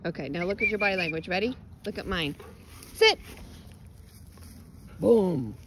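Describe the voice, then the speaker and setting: A woman's voice: lowish voice, expressive, unhurried, a little hiss or hum, low-quality recording. A woman dog trainer coaching outdoors on a lawn, giving direct, encouraging instructions and explaining her methods.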